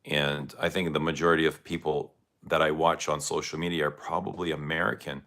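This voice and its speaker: A man's voice: very deep voice, little pitch movement, fairly quick, fairly bright tone. A man hosting a casual fragrance livestream, rambling loosely and reacting to viewer comments. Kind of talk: casual livestream chat answering chat.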